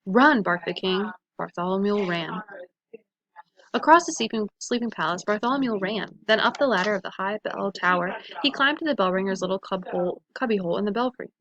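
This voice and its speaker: A woman's voice: mid-range voice, fairly quick, a bit bright, dull audio. A woman reading a children's storybook aloud to listeners, giving each character a voice of its own.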